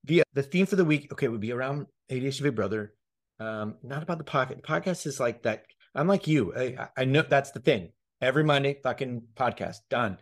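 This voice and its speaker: A man talking on a casual podcast, his voice sitting at a middle pitch. He gets fired up easily, swears freely and keeps restarting his sentences between bursts of laughter. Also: expressive, fairly quick. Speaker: podcast host.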